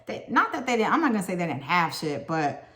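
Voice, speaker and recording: A woman's voice: fairly low pitch, big pitch swings, fairly quick, sharp tone. Woman tarot reader, casual and sassy, swears freely and talks straight to the listener. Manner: blunt, profane and sassy.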